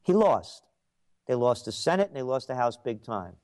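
A man's voice: mid-range voice, sing-song, normal speed, a little mellow. An older man hosting a trends commentary show, delivering an opinionated monologue with emphatic, repetitive declarations.

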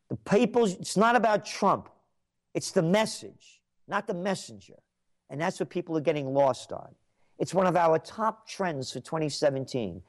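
A man's voice: on the high side, expressive, moderate pace. An older man hosting a trends commentary show, delivering an opinionated monologue with emphatic, repetitive declarations.

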